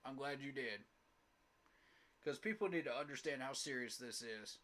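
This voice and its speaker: A man's voice: medium pitch, moderate pace, fairly bright tone. A young man, ranting in exasperation about his football team while live-streaming a sports reaction. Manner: exasperated, emphatic, repetitive ranting. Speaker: fan streamer.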